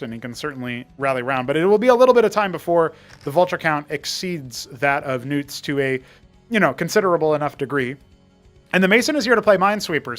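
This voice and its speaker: Chatty, fairly high-voiced male game caster. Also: fairly bright tone. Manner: chatty play-by-play that wanders into trivia. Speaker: esports caster and show host. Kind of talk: live game commentary.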